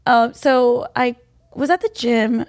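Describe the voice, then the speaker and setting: A woman's voice: on the high side, steady tone, takes it slowly, darkish tone, dry recording. A woman in her late twenties, pregnant, telling a personal story in a chatty way with a lot of "like"s as a podcast co-host. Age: 20s. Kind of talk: casual chat.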